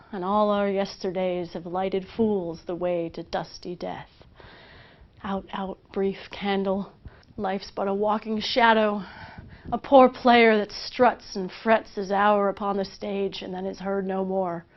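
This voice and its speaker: A woman voicing a grim, doomed king who recites a slow, hushed meditation on mortality. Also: medium pitch, highs cut off, close to an everyday voice.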